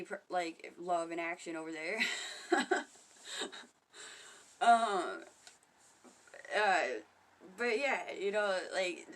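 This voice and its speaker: A woman talking casually to camera in a rambling, profane monologue about spirituality, often laughing and getting loud when she quotes others. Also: lowish voice, distant mic. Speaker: spiritual vlogger.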